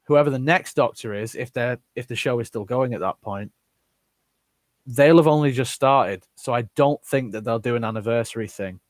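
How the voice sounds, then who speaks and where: A man's voice: mid-range voice, moderate pace, no room sound. A man hosting a live stream, reading viewers' comments aloud and answering them bluntly with plenty of swearing. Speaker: channel host answering live chat. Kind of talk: casual live-stream chat.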